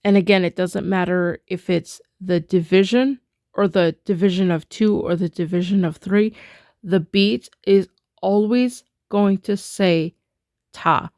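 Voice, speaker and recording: A woman's voice: medium pitch, fairly even intonation, a little slow, a little mellow, no room sound, clean studio sound. A woman teaching a music rhythm lesson in a chatty way, full of fillers, chanting rhythm syllables as she taps.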